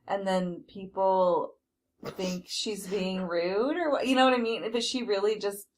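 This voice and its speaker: A woman's voice: medium pitch, steady tone, slight background noise. A woman in casual chat who trails off and hedges her thoughts. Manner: unhurried, trails off and hedges with "I don't know".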